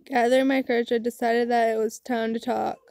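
A woman's voice: a little high, little pitch movement, a little fast, darkish tone, dry recording. A young woman reading a visual novel aloud, narrating and voicing the heroine with earnest emotion. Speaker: game player reading aloud.

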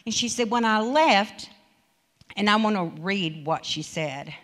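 A woman preacher delivering a sermon as an informal story. She talks conversationally and often slips into the voices of the people she quotes. Her pitch sits in a middle range for a woman. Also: expressive, unhurried, fairly bright tone. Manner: conversational, retells stories with quoted speech.

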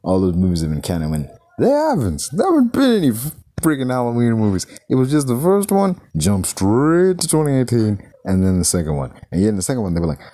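A man's voice: medium pitch, huge pitch swings, a little fast, mellow. A man giving a rambling, profane casual movie review, packed with fillers. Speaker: film reviewer.

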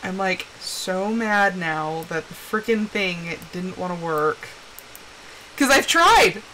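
A young woman streams her game with a bright, clear voice, chatting away and telling animated stories. Her pitch bounces around a lot, and faint game ambience plays behind her. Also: slow pace, slight background noise, poor audio. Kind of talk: casual live-stream gameplay chat.

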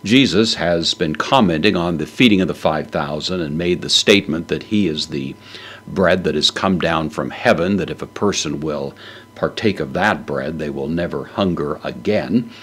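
A man giving a slow, deliberate verse-by-verse Bible lesson, working through the Greek grammar word by word. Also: rumbling low, fairly bright tone, a little hiss or hum. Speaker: Bible teacher.

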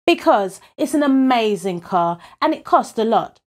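A woman's voice: a little high, animated, a little slow, darkish tone, pitched above the performer's own voice. A woman voicing a proud, stubborn young boy in a read-aloud picture book, boastful and indignant.

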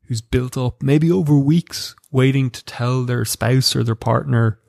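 A man's voice: medium pitch, unhurried, vocal fry, darkish tone, no room sound. A man with an Irish accent hosting a podcast interview, hesitant, restarting phrases and summing up his guest's points. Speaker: podcast host.

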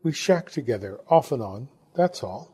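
A brash, frank young woman, as a male reader puts her on, blunt and teasing in a storybook reading. The voice is warm and mellow with a husky edge. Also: medium pitch, expressive, normal speed. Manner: blunt, teasing, a little tipsy.

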